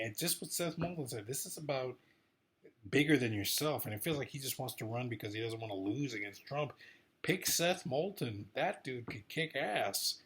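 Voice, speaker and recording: Rambling, husky-voiced man. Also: medium pitch, normal speed. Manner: excitable, rambling, repeats himself. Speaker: political commentator vlogger. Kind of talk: rambling casual monologue.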